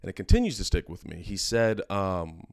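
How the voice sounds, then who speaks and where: This podcast host has a low, very animated voice with vocal fry and a slightly mellow quality, recorded in a clean studio with no echo. He chats casually, earnest and reflective, and his emotional, halting delivery is full of restarted sentences.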